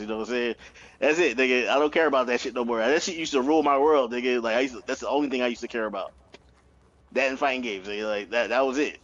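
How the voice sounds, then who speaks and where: Fast-talking man telling family stories. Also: medium pitch, highs cut off. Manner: profane, animated storytelling with laughs. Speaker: podcast co-host. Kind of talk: casual chat.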